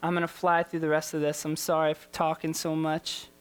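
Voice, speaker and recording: A man's voice: a little high, completely flat delivery, fairly quick, clean tone. A man preaching a sermon as a youth pastor, impassioned and repetitive, firing rhetorical questions at his listeners.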